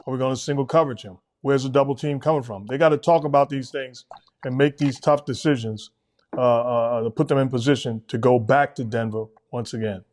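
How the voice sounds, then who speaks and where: A middle-aged man calmly breaking down basketball plays as co-host of a sports talk show. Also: medium pitch. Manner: measured, coach-like breakdowns. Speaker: podcast co-host, basketball analyst.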